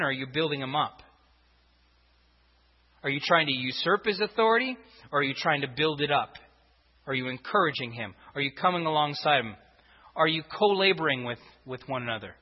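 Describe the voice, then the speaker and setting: In a church sanctuary, a male pastor whose voice sits on the high side and sounds husky delivers a sermon, pressing his congregation again and again with rhetorical questions. The audio has the dull, echoing quality of a church recording.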